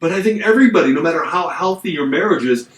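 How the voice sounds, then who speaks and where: Man, middle-aged, podcast co-host, animated storyteller, slightly high voice, echoey room. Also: fast, far from the mic. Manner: animated storyteller acting out quotes. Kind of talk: casual storytelling chat.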